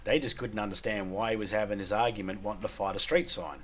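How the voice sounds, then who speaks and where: A man's voice: on the low side, fairly even intonation, fast talker, slight background noise. A man with an Australian accent chatting on a live game stream, telling rambling, swearing stories and laughing at his own jokes. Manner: rambling, profane, laughs often, acts out drunks loudly. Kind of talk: casual storytelling chat.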